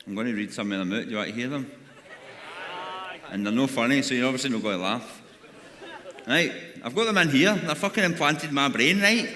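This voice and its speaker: A man's voice: mid-range voice, animated, fairly quick, pauses often, sharp tone. A man with a Glaswegian accent doing a stand-up comedy set, crude and sweary, mocking and bantering with the crowd. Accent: Scottish, Glaswegian. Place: large arena on stage. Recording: echoey arena with crowd noise.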